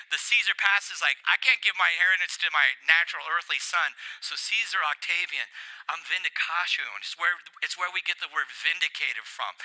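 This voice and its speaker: An older man preaching a sermon, animated and playful, getting worked up as he speaks. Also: sits high, poor audio. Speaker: pastor.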